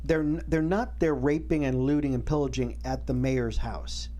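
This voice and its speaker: A man's voice: mid-range voice, moderate pace. A man co-hosting a faith and culture talk show, chatting casually and acting out other people's words, with frequent restarts. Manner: animated, acts out quotes, many restarts. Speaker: co-host. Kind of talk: casual chat about faith and current events.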